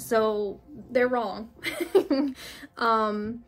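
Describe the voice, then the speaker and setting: A young woman giving a casual spiritual card reading, rambling with many fillers and restarts, gently reassuring. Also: on the high side, measured pace. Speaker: tarot reader.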